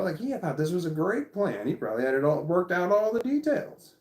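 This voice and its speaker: A man's voice: high-pitched, sing-song, quick pace, hardly any pauses, a little mellow, echoey room. A man telling a casual story to the camera. He rambles, repeats himself and swears often. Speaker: vlogger.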